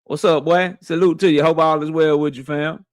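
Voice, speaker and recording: A man's voice: a little high, fairly even intonation, normal speed, no echo, clean studio sound. A man hosting a boxing livestream, casually greeting chat members one by one in a slangy, playful way.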